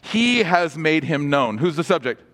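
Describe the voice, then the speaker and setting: A man with a fairly high voice preaches to his congregation. He keeps asking them questions and moves between lively, joking asides and slower, softer passages. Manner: humorous asides. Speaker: pastor. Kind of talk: sermon.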